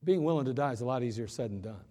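A man preaching an impassioned sermon in a church, swinging between loud urgent pleas and quiet hushed moments. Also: medium pitch, lively intonation, racing, long reverb tail. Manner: impassioned preaching, rising and falling in force. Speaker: pastor.

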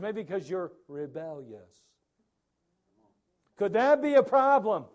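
A man preaching a sermon as pastor, animated and acting out the people's words. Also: sits high, measured pace, pauses often.

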